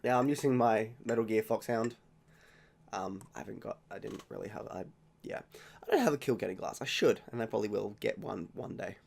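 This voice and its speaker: A young Australian man's voice is on the low side, creaky, and a little mellow, delivered fairly quickly and expressively. Hosting his casual beer-tasting channel, he's rambling and chatty, often correcting himself.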